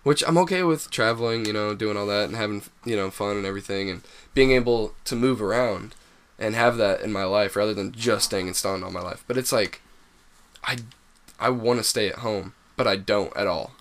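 A man's voice: lowish voice, brisk, fairly bright tone. Rambling young man in casual chat. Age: young adult. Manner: loose, rambling, says "like" a lot.

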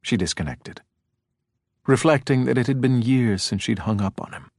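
A man giving scripted audiobook narration in a steady, even storytelling manner. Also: mid-range voice, normal speed, no echo, clean studio sound.

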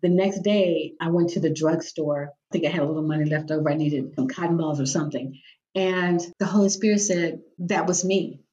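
A woman's voice: deep voice, a little fast, mellow, muffled recording, a little hiss or hum. A woman guest on a podcast, telling personal faith stories and acting out the voices of the people in them. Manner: vivid storyteller who acts out quoted voices. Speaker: guest, executive director of a nonprofit.

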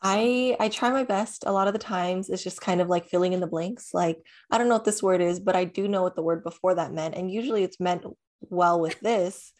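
Young woman podcast co-host, casual chat, giggly, slightly low voice. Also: fairly quick, a little mellow. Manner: giggly, chatty, rambling.

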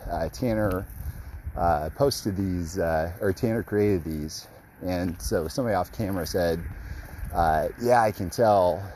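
A man telling an excited, rambling story about his custom card work, full of fillers. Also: low-pitched, measured pace, a little hiss or hum, low-quality recording. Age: adult, grew up a fan. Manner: rambling, many fillers, gushing.

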